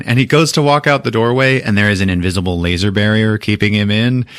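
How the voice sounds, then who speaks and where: A man's voice: lowish voice, fast talker, a bit bright, clear, resonant tone, no echo, clean studio sound. A man hosting a podcast, casually recapping a movie in a profane, laughing way. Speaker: podcast host.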